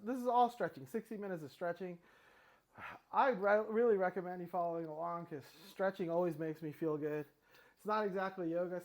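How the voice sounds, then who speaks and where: A middle-aged man talking casually through his stretching routine, a little out of breath, rambling with fillers and restarts. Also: high voice. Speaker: fitness vlogger. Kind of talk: casual talk while exercising.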